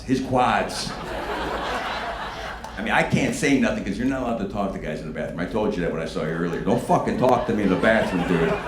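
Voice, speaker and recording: Brash, profane man on a comedy stage. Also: medium pitch. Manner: brash and profane, with animated bursts. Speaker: stand-up comedian. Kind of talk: stand-up comedy set. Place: comedy stage before a live audience. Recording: echoey room with loud background noise.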